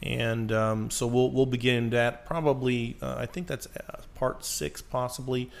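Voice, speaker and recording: A man's voice: medium pitch, fairly even intonation, unhurried, gravelly. A man co-hosting a podcast in casual chat, explaining with fillers and asides. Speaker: podcast co-host.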